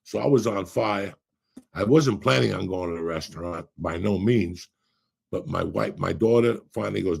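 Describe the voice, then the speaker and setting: A man in his sixties with a deep, heavily gravelly voice, raspy and rough at the edges. He tells rambling, profane stories in casual podcast chat and breaks off into bursts of laughter. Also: moderate pace, darkish tone. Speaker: podcast co-host.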